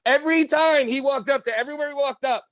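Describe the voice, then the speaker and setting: A man's voice: very high voice, dry recording. A man telling wild party stories in a casual, profane podcast chat, acting out the quotes as he goes. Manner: fast, profane, animated storytelling with acted-out quotes.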